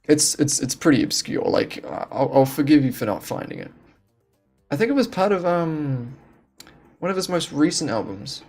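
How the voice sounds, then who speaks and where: A game streamer chats casually from a room at home, rambling, restarting his sentences and laughing often at his own expense. His mid-range voice is very animated, a little mellow and at normal speed, with soft music playing in the background.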